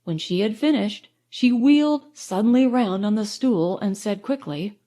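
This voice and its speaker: A woman narrating a novel in the first person, in a measured, reflective storytelling manner. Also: medium pitch, lively intonation, dark tone. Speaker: audiobook narrator.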